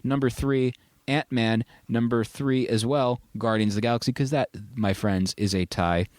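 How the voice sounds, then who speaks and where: A man's voice: medium pitch, fairly even intonation, moderate pace, a little mellow, dry recording, studio quality. A man hosting a casual podcast, reviewing a film with enthusiastic, rambling, joking talk. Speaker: podcast host. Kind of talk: casual movie review chat.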